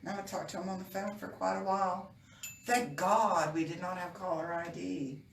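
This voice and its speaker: A woman's voice: fairly low pitch, steady tone, moderate pace. Laughing storytelling woman, roomy distant mic. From Oklahoma. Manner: storytelling, laughs often, playful. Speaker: co-host. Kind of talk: casual chat. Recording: roomy, distant mic, clear background noise.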